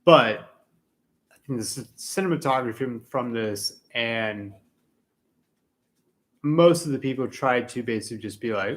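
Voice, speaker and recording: A young man co-hosting a laid-back film podcast. He rants excitably and swears freely as he breaks down trailers. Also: mid-range voice, measured pace, pauses often. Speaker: podcast co-host. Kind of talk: casual film chat.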